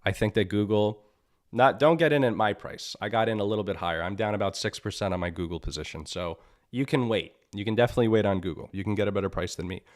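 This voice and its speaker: A man with a fairly low voice speaks quickly while hosting a live market analysis stream. Annoyed and blunt, he repeats himself and keeps tacking on "right?"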